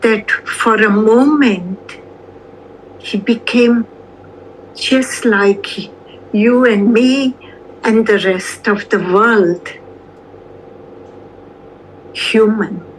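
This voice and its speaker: An older woman speaking as an interview guest, calm and measured, with long pauses between phrases. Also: on the high side, slight background noise, rough recording. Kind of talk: slow reflective conversation.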